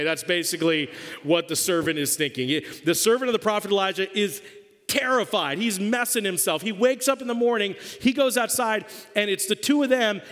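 Jokey high-voiced male pastor. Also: a bit bright, in a large hall. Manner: conversational and jokey. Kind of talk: sermon.

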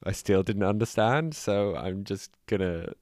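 A man's voice: fairly low pitch, expressive, unhurried, a little mellow, no echo, clean studio sound. A man co-hosting a podcast, telling a story in a chatty, amused, self-deprecating way. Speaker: podcast co-host. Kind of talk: casual chat and storytelling.

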